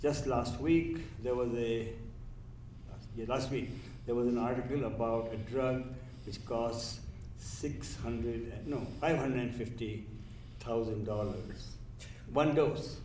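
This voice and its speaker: A man speaking as a physician on a panel, in a measured way and correcting himself mid-sentence. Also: mid-range voice, darkish tone, slight background noise. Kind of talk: panel discussion remarks. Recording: distant mic in echoey room.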